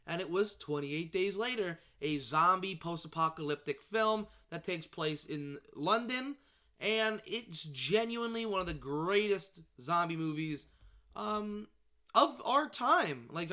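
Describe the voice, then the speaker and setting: A man vlogging about movies in casual chat, excitable and rambling, swearing and tripping over his words. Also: sits high.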